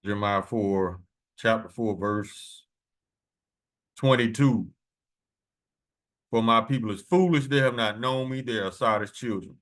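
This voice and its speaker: A man reading scripture verses slowly and adding blunt, profane commentary between them. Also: on the low side, fairly bright tone. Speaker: preacher.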